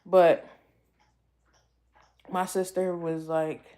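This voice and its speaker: Her voice lowish and dark, her tone level and her words drawn out, this young East Coast American talks to her YouTube livestream viewers in a casual, heartfelt ramble, often saying things more than once.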